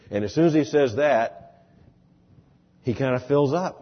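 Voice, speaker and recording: Husky male preacher, lo-fi sermon. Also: measured pace, pauses often. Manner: expressive, swings from low and soft to loud and emphatic.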